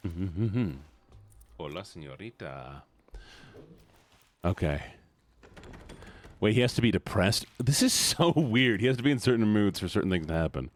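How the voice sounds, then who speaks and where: Lively low-voiced male streamer. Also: normal speed, a little hiss or hum. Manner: excitable, swears, laughs often. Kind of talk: casual gameplay commentary.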